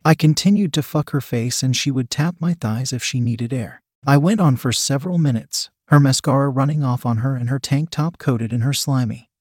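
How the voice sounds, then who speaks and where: A man narrating a first-person adult story in a plain, steady reading voice. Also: mid-range voice, normal speed, hardly any pauses, slightly rough, no room sound, studio quality.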